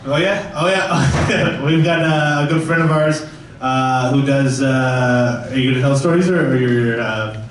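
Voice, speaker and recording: A man's voice: medium pitch, a little slow, background noise. A man emceeing a memorial show, loosely introducing the next comedian. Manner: loose, with fillers. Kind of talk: introducing speakers. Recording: echoey hall from far off, crowd.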